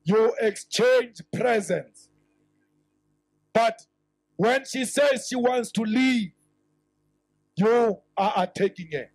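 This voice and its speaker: A South African politician giving an impassioned rally speech, rising to shouts and mixing in Sotho phrases. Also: male voice, very high-pitched, slow, pauses often, no room sound, faint music behind, rough recording.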